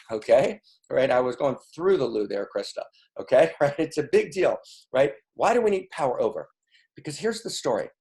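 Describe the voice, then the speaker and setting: A man teaches spiritual ideas on a video call, his fairly high voice swinging widely in pitch. He speaks emphatically and keeps checking in with his listeners with "right?" and "okay?". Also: a little mellow. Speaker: teacher leading an online session.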